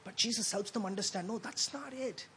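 A man's voice: sits high, fairly quick, gravelly, bright, forceful tone, slight background noise. A man preaching a sermon in a conversational way, often adding "right?" and repeating words as he speaks.

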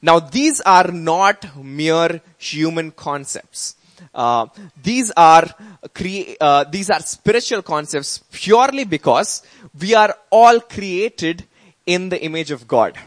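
A man's voice: a little high, animated, slow, a bit bright. A man preaching a sermon as pastor, earnest and conversational, with emphatic rises.

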